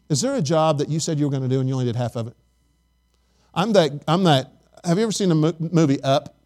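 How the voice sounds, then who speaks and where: A man with a high voice preaches in a church. He keeps it loose and chatty, telling stories and asking his listeners for an amen. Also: darkish tone. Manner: chatty storytelling, asks the congregation for amens. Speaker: pastor. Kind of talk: conversational sermon. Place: church sanctuary.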